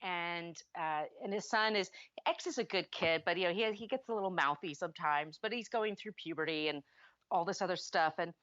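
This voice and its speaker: A woman's voice: fairly low pitch, a little fast, a bit bright, no echo. A woman co-hosting a podcast rambles casually through a movie recap, stopping to correct herself mid-sentence. The recording sounds dry and a little dull, with a lo-fi edge. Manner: chatty, rambling, frequent self-corrections. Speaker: podcast co-host.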